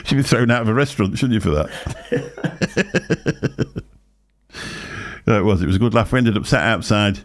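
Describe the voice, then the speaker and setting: A man's voice: fairly low pitch, quick pace, pauses often. An older man hosting a casual livestream chat, telling stories and laughing often. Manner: chatty anecdotal storyteller, laughs often. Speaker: show host.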